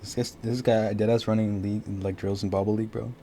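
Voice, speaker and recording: Young male streamer, lowish voice, relaxed slangy banter, faint background hiss. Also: fast. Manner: laid-back banter with slang and swearing. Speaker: streamer host. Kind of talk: casual gaming chat.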